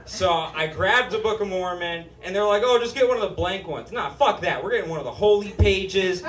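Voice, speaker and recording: Picked up by a distant mic, this high-voiced man from Utah works through a stand-up set, delivering sardonic, profane punchlines in a nasal whine. He's on a small comedy stage with a live studio audience, and the room sounds spacious, full of laughter.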